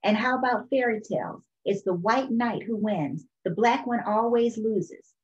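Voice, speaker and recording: A bitter young boy snaps and shouts in sarcastic bursts, as a woman puts him on. The voice is loud and cutting. The recording is muffled and lo-fi. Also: fairly high pitch, unhurried, close to an everyday voice. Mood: raging.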